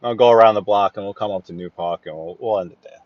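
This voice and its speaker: A vlogger with a lowish voice talks quickly while driving through his neighborhood on city streets, giving chatty running commentary, laughing at his own stories and repeating phrases. It's recorded on a phone inside the car, sounding muffled with no room sound.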